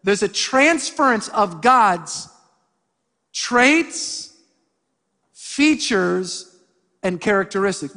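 A middle-aged male pastor preaching a sermon, telling a funny story with lively asides to the congregation. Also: high voice, takes it slowly, pauses often. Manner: animated, humorous storytelling with voiced asides to the congregation. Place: church sanctuary. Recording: church hall with long reverb.

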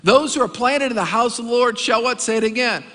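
A man's voice: extremely high pitch, fairly quick, in a large hall. A man, a pastor preaching a sermon and telling stories with comic asides. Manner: animated storytelling with comic asides. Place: church sanctuary.

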